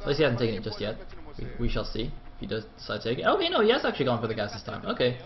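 A man's voice: medium pitch, big pitch swings, rapid-fire, muffled recording, crowd noise. A man casting a game match in a casual, rambling way, often mocking himself and swearing. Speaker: amateur esports caster.

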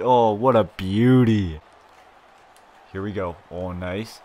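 A young man talks through his own video game match in a lowish, unhurried voice. He mutters and swears when things go wrong and bursts into loud, excited shouts when things go right. This is casual live gameplay commentary. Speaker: gaming YouTuber.

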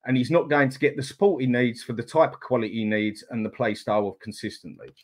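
A man's voice: medium pitch, fast. An angry middle-aged man ranting sweary football opinions on his fan channel live stream, blunt and fuming.

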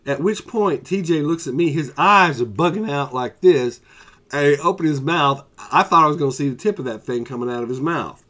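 A man's voice: on the high side, brisk, sharp tone. A man telling a personal story in a casual vlog, rambling, with fillers and asides.

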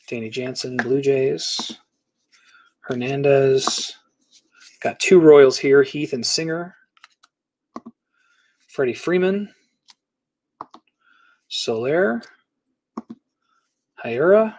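A man's voice: medium pitch, drawn-out words, pauses often, darkish tone, a little hiss or hum. Man rattling off baseball card pulls. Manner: rattles off player names while opening packs. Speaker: card-breaking host. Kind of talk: casual live box break commentary.

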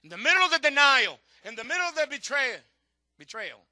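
A middle-aged male pastor preaching a sermon with passion, swinging from shouts to hushed tones, his English a little non-native in grammar. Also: very high voice, very animated, a little fast, no room sound.

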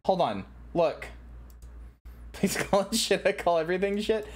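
Bubbly, animated woman streamer. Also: fairly low pitch, a little slow. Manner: excitable, animated, swears, repeats herself. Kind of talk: casual live-stream chat.

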